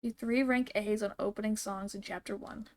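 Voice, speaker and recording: A woman streamer giving casual gameplay commentary, excitable and often confused. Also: medium pitch, moderate pace, dry recording. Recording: noisy stream audio.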